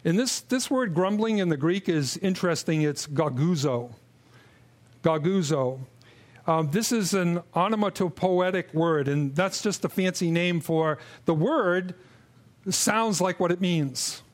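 A man with a notably high-pitched voice delivers an expository sermon. He speaks earnestly, stumbling into restarts and repeated words. When he mimics grumbling he drops low and quiet. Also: measured pace. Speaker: preacher.

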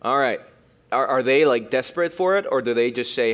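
Animated young man preaching. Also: mid-range voice, brisk. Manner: animated, swings from loud emphasis to quiet reflection. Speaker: youth pastor. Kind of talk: sermon.

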